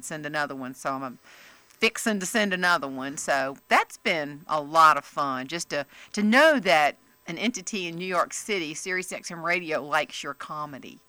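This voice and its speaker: A woman talks through funny stories as an interview guest. Her voice sits a bit low but sounds bright and forward, and it leaps up whenever she quotes someone. The sound is close and dry, with no room around it. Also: dry recording. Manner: animated storyteller, jumps into high voices for quoted people. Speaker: comedian and author, interview guest. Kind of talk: casual interview chat.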